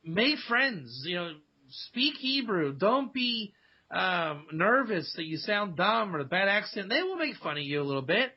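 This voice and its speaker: A man from Ohio with a high, husky voice, guesting on a radio talk show. He tells stories in an animated way and slips into quoted voices. The sound is dull and lo-fi. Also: a little slow. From Dayton, Ohio, USA. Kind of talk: casual radio interview.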